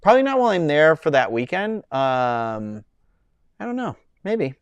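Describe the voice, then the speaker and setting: A young man hosting a casual live stream, rambling and chatting with viewers in a loose way, full of fillers and quick laughs. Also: on the high side, sing-song, clear, resonant tone, no echo, muffled recording. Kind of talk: casual chat reading viewer comments.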